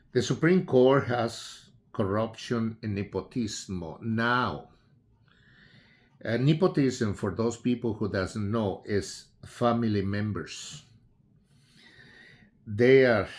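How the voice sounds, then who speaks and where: Slow-talking man. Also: fairly low pitch, a little mellow. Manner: unhurried, halting, with frequent fillers and restarts. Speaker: political commentator. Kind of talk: casual spoken commentary.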